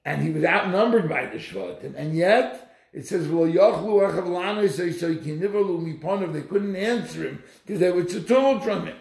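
A man with a strongly gravelly, fairly high voice teaches a Torah lesson and swings his pitch widely as he tells a story. He speaks with animated emphasis, and the echoey room rings around his words. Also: moderate pace, few pauses.

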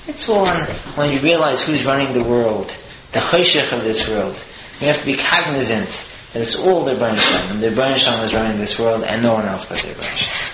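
A man's voice: medium pitch, quick pace. Man giving a Torah talk in an echoey room. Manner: earnest, explains verses phrase by phrase. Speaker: Torah teacher. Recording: echoey room with steady noise.

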